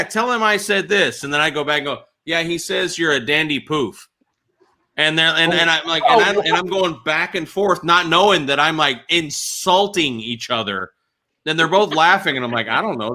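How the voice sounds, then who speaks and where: A man's voice: a little high, a little fast. A man hosting a casual livestream, telling stories with lots of animation. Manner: animated storyteller. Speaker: livestream host. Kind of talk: casual chat.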